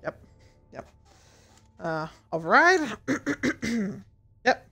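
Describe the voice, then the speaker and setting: A woman's voice: mid-range voice, very animated, extremely slow, vocal fry, long pauses, breathy edge, faint music behind. A woman streamer commentating a horror game as she plays, swearing a lot and laughing at her own mistakes. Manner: swings between loud shouted outbursts and muttering. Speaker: gaming streamer. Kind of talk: let's-play commentary.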